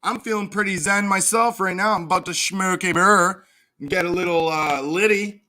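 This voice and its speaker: A man's voice: high-pitched, normal speed, bright, forceful tone. A young man from Canada ranting mockingly on a casual livestream, swearing and laughing at his own jabs. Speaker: live streamer.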